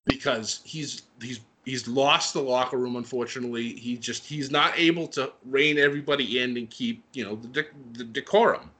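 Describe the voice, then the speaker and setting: A man chatting casually and excitedly as he recaps a wrestling show, with lots of fillers and laughter. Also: medium pitch. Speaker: wrestling podcast co-host.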